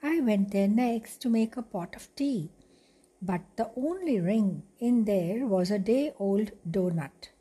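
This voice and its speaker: A woman voicing a kind, gentle young princess in a slow, soft storybook reading. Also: medium pitch, expressive, slightly rough.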